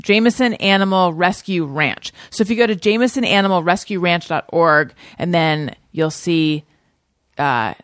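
A woman hosting a podcast in casual chat, chatty and swearing freely with quick laughs. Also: on the low side, dry recording, clean studio sound. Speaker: podcast host.

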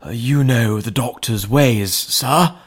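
A man voicing a frightened, anxious butler who speaks in a strained, pleading, hoarse way. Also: medium pitch, slow pace. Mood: fearful. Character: frightened male butler, middle-aged, anxious and dogged.

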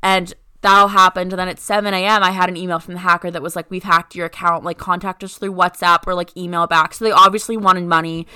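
Young woman, podcast co-host, casual chat, smooth clear voice, dry sound. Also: fairly low pitch, little pitch movement, fast talker, hardly any pauses, bright, forceful tone, no room sound. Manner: rambling, heavy use of "like".

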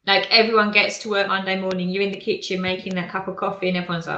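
A woman's voice: mid-range voice, flat delivery, fast, pushed and bright, dull audio. Woman, earnest casual chat, thoughtful, restarts sentences, roomy echo.

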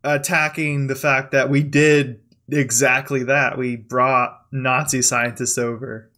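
A man chatting casually, relaxed and laid-back, with offhand swearing. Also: medium pitch, slow pace. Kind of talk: casual chat.

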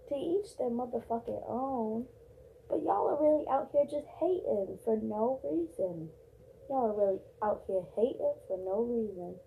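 A woman's voice: fairly high pitch, creaky, narrow, tinny audio, a little hiss or hum. A young woman vlogging alone in a casual, profane, rambling rant full of fillers and rhetorical questions. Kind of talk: casual ranting monologue.

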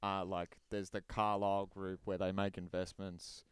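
Aussie bloke rambling on a podcast, lowish smooth voice, dry close mic. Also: male voice, level tone, normal speed, no room sound. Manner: rambling, lots of fillers. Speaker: podcast co-host. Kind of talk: casual podcast chat.

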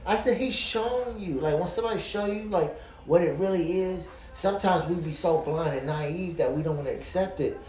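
A man rambles through a story in casual podcast chat, going back over the same words. His voice sits a bit high for a man. The room echoes, and faint music plays underneath. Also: brisk, a little mellow. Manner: rambling, repeats himself when telling a story. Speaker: podcast guest.

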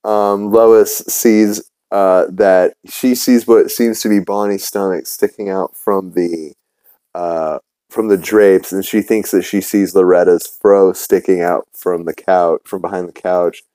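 Low, mellow-voiced man rambling through a recap. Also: fairly even intonation, measured pace, clear, resonant tone, no echo, poor audio. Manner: rambling, profane, full of fillers and restarts. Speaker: podcast host. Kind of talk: casual episode recap.

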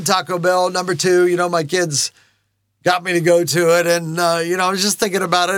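A middle-aged man preaching with a high, bright-sounding voice and a lively, story-driven delivery. He jumps into shouted punchlines and playful voices. The sound is close and dry, with no room around it. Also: dry recording. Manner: animated storyteller, acts out his kids' chants and shouts. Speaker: pastor. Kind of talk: sermon storytelling.

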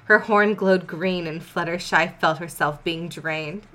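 A woman's voice: fairly low pitch, steady tone, a little slow, bright, forceful tone. A woman hosting a comedy podcast, dramatically reading fan fiction with wry, joking asides.

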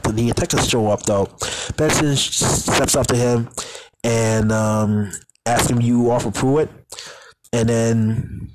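A man's voice: medium pitch, noisy background. A man casually recapping a TV episode in a rambling, filler-heavy way, often tacking on "though". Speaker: show recapper.

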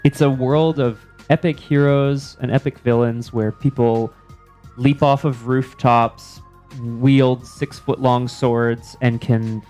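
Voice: mid-range voice, fairly even intonation, takes it slowly, mellow, faint music behind. A stream co-host bantering casually, joking and describing a game setting. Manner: joking, laughs often.

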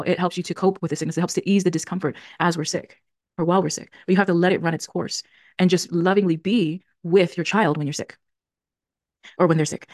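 A woman in her thirties with a lowish voice hosts a solo podcast about emotions, recorded in a clean studio with no room sound. She speaks earnestly and reflectively, often correcting herself mid-sentence.

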